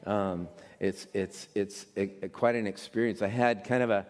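A man's voice: lowish voice, fairly even intonation, normal speed, a little mellow. Male pastor preaching in a reverberant hall. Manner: casual, rambling, many restarts. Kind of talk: sermon. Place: church sanctuary.

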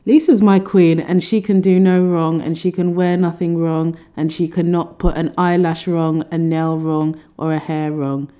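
A young woman co-hosting a podcast, chatting casually and gushing playfully, with quick asides. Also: fairly low pitch, flat delivery, warm tone. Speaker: podcast co-host. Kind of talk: casual chat.

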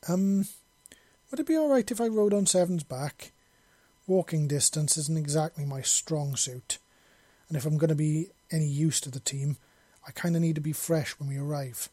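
A man's voice: fairly high pitch, moderate pace, warm tone, dry recording, lightly acted. A man voicing a nervous young alien woman who hesitates and halts with ums.

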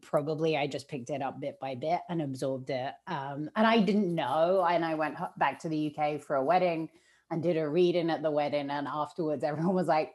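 Interview guest: woman, 30s, low voice, British accent with an Australian lilt, chatty. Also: fairly quick, darkish tone. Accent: mixed British and Australian. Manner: chatty, laughs often. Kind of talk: casual interview chat.

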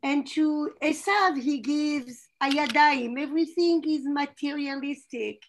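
A woman's voice: sits high, slow pace, a little hiss or hum, rough recording. A woman answering in an online class, speaking hesitantly and using Hebrew terms. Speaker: class participant. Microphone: video call.

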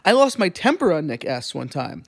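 A man co-hosting a casual podcast, telling stories in an animated way and swearing freely. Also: fairly high pitch, moderate pace, vocal fry, no room sound, studio quality. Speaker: podcast co-host.

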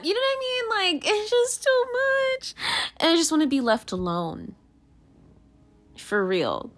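A woman's voice: sing-song, unhurried, long pauses, a bit bright. A young woman in a candid monologue, rambling with many fillers and restarts, swearing and venting with emotion. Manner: emotional, pitch swinging widely.

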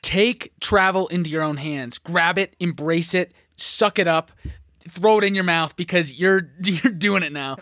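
Young male co-host, punchy and hyped, slightly high voice, dry close mic. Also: a bit bright, no echo. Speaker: podcast co-host. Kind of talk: casual podcast chat.

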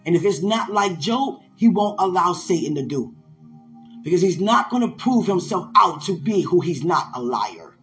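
Brief: emphatic male preacher, lifted voice, soft music behind. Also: high voice, very animated, moderate pace. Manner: fervent, emphatic, laughs at times. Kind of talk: sermon-style podcast talk.

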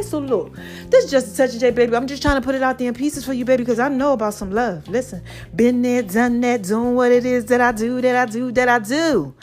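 Woman, podcast host, high voice, preachy and affectionate, soft sultry murmurs, faint music behind.

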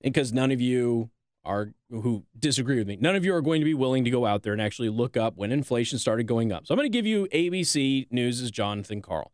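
A man hosting a talk show, delivering a sarcastic, animated political commentary monologue. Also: medium pitch, fast, no room sound, studio quality.

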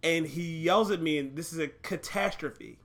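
A man co-hosting a casual dad podcast, telling stories in a quick, expressive way. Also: on the high side, heavy background noise. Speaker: podcast co-host.

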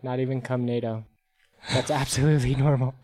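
A man's voice: mid-range voice, fairly quick, very noisy. A man co-hosting a podcast, swearing and laughing through casual chat. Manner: laughing, profane, animated. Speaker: podcast co-host.

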